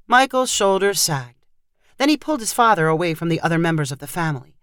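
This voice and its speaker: A woman giving an expressive scripted narration of a short family story. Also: on the low side, a little fast, dry recording, clean studio sound.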